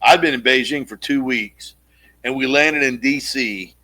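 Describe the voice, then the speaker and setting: A man co-hosting a casual podcast, telling a long story in an animated way and acting out the quotes, with casual swearing. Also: mid-range voice, measured pace. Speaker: podcast co-host.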